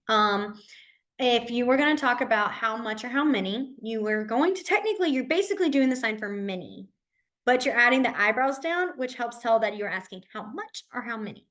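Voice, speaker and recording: A young woman with a slightly high voice is teaching a beginner class in a relaxed, chatty way. She reassures her students often and breaks off into fillers and restarts. She speaks each sign aloud slowly, repeating it several times. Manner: says the signs aloud in slow repeated words.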